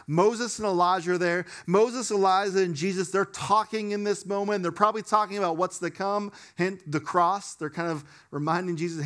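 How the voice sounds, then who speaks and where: A young male pastor gives a sermon in a loose, conversational style packed with casual filler words. His fairly high voice moves at a normal speed with hardly any pauses, swinging from excited bursts to quiet emphasis.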